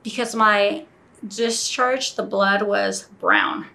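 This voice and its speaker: A woman's voice: medium pitch, steady tone, slow, gravelly, sharp tone. A woman telling a personal story in a casual interview, acting out both sides of the conversations she recalls.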